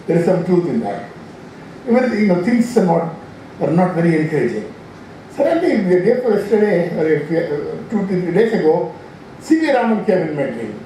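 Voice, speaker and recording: An elderly Indian man in his eighties speaks informally at a podium, drifting from point to point and correcting himself mid-sentence. His voice sits high but sounds mellow. He is picked up from a distance in a hall with heavy echo and faint background hiss. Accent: Indian English. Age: 80s. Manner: rambling, anecdotal, frequent restarts and self-corrections. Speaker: scientist giving an inaugural address. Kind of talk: informal speech. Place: large lecture hall. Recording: very echoey hall from far off.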